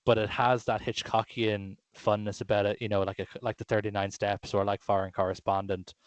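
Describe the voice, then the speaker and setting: A man's voice: on the low side, level tone, brisk, no room sound. A man co-hosting a podcast, chatting casually and enthusiastically about films, with many fillers and restarts. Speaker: podcast co-host. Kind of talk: casual film chat.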